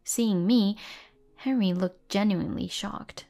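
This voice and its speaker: A woman narrating a first-person drama story in an even, measured way over faint music. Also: mid-range voice, creaky.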